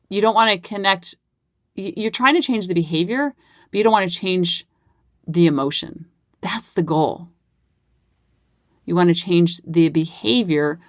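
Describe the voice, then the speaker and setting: A woman's voice: on the low side, dry recording, clean studio sound. A woman in her forties hosting a parenting podcast, chatting casually and acting out bits of dialogue with lots of "like" fillers. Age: 40s. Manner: animated, acts out quoted dialogue. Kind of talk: casual solo podcast storytelling.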